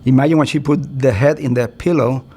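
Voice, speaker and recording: A man's voice: medium pitch, fairly even intonation, brisk, warm tone, husky. A middle-aged man, a physician, giving a recorded continuing-education lecture in an earnest, conversational way. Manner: earnest, conversational, acts out doctor-patient exchanges.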